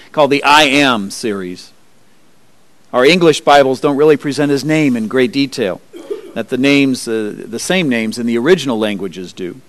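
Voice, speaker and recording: A man pastor preaching a sermon in church, measured and steady, with occasional restarts. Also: medium pitch. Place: church sanctuary.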